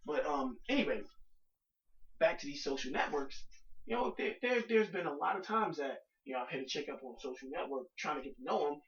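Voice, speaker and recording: A young man hosting a podcast, talking bluntly and profanely in a casual rant, swinging between low mutters and loud outbursts. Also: expressive, fairly quick. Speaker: podcast host. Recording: roomy, dull lo-fi home recording.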